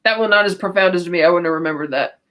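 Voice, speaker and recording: A woman's voice: on the low side, rapid-fire, a bit bright. A woman co-hosting a podcast, retelling a film's plot casually with many fillers and restarts. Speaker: podcast co-host. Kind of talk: casual film recap.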